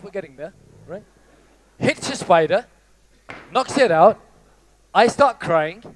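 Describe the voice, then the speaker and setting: High-voiced male motivational speaker. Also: a bit bright. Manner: playful, theatrical storytelling, addresses the audience. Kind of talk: live motivational talk. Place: stage before a live audience.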